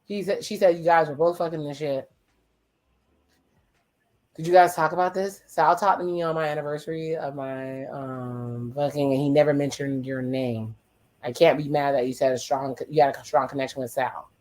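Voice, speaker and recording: This casual reaction commentary comes from a watch-along host with a medium pitch and a steady, slightly mellow tone, who talks back at the screen. Profanity comes easily, as do wry exclamations and quick voice impressions to recount the on-screen people's words.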